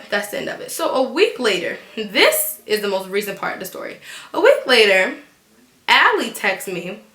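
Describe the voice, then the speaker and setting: A teenage girl tells a storytime for her vlog in a lively, blunt way, swearing without a second thought. Her voice sits a little high and sounds bright and sharp. The room around her is echoey. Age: teens. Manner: animated and blunt, swears freely. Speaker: vlogger.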